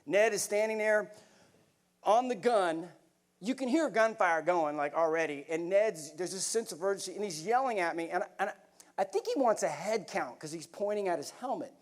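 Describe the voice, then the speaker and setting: A middle-aged American man giving a speech, telling a vivid, animated story from the stage to a live audience. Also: high voice, normal speed. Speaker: keynote speaker.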